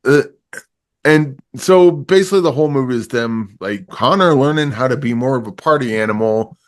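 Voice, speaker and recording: A man's voice: medium pitch, expressive, moderate pace. A man reviewing a movie in casual chat, rambling and laughing often as he acts out scenes.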